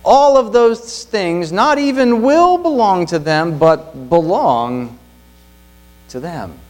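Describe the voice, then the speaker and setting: Pastor, man, middle-aged; animated, earnest sermon delivery, slight hum on the recording. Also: sits high, slow, rough recording. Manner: earnest, emphatic preaching with rhetorical questions.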